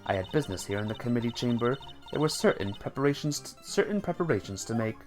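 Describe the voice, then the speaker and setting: Dude doing a snooty young detective, defensive, faint music. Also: male voice, medium pitch, animated, fast, darkish tone, pitched above the performer's own voice, lightly acted. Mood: haughty. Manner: haughty, indignant. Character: proud young male detective, haughty and defensive.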